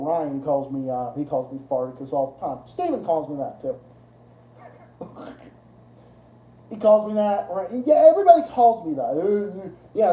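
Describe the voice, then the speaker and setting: A man's voice: high voice, lo-fi sound. A man hosting a casual livestream, rambling and swearing, often laughing at his own jokes. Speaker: livestream host. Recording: roomy echo.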